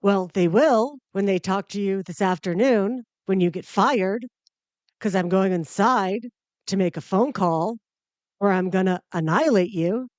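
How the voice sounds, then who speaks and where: A woman hosting a comedy podcast, spinning a story in a wry, self-mocking way and blowing things up for laughs. Her voice sits at a mid pitch and sounds close and dry, with no room echo. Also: measured pace, darkish tone. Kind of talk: comic storytelling monologue.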